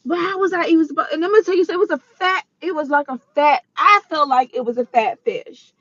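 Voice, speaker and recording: A woman's voice: high-pitched, quick pace, fairly bright tone, no echo. A tearful woman vlogging to her viewers, rambling and exclamatory, repeating herself as she talks it through. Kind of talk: emotional confessional vlog. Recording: dull lo-fi recording.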